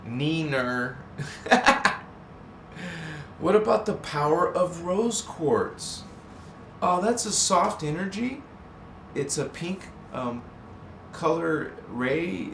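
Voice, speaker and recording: A man's voice: fairly high pitch, fairly bright tone. Host, male, playful and chatty, laughs a lot; sits back from the mic, faint hiss behind. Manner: playful, laughs often, greets chat viewers. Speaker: live stream host. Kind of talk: casual live stream chat. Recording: echoey, distant mic, faint background noise.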